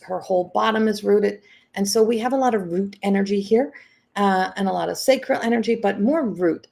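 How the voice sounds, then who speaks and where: A middle-aged woman hosts a live-stream energy reading, talking in a reflective way and circling back over her own phrases. Her voice has a gravelly edge at a middle pitch. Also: darkish tone. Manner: reflective, repeats phrases, reads viewer comments. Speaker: psychic reading host.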